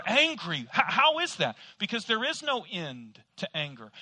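A male pastor delivering a sermon in a high, very bright voice. He is emphatic and leans on rhetorical questions. The sound is close and dry. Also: huge pitch swings, a little slow, hardly any pauses, dry recording.

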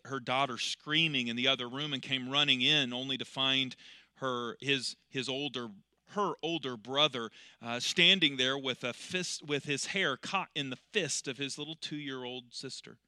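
A man preaching a sermon, swinging between loud, emphatic passages and quiet, drawn-out storytelling, slowing on key words. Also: medium pitch, smooth, dry recording, studio quality. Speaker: pastor.

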